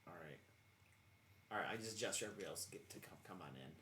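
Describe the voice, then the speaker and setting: A man's voice: sits low, animated, racing, roomy sound, background noise. Rambling man playing a tabletop game. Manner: rambling, hesitant, mischievous.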